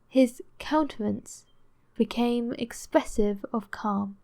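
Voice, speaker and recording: Woman reading an old novel out loud, bit of a high voice, calm and steady. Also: a little slow, creaky. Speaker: audiobook reader. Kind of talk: audiobook narration of a classic novel.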